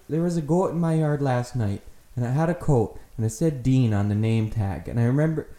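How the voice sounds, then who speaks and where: A man's voice: mid-range voice, dark tone, close to an everyday voice. A man playing a rambling, confused neighbor. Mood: pleading. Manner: folksy, rambling, placating. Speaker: podcast host. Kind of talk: improvised comedy role-play. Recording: echoey room.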